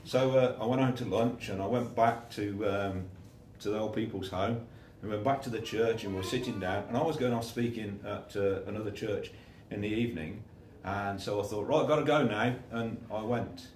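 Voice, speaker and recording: A man's voice: lowish voice, steady tone, moderate pace, hardly any pauses, a little mellow, a little hiss or hum. A man preaching an informal sermon, telling stories and acting out the voices of the people in them. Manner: chatty, acts out the voices in his stories. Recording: echoey room, voice from a distance.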